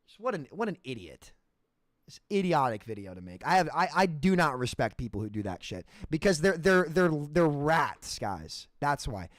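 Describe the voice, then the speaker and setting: A man's voice: on the high side, sing-song, moderate pace, no room sound, clean studio sound. A man streaming a game, ranting in heated, profane bursts and repeating himself as he talks. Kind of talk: livestream rant between matches.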